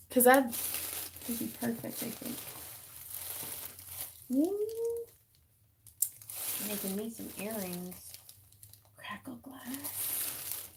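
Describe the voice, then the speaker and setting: A woman hosting a craft livestream from her home craft room, excitable and quick to gasp and laugh as she talks into a phone. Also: fairly high pitch, a little hiss or hum. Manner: excitable, gasping and laughing over gifts. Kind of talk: casual live stream chat.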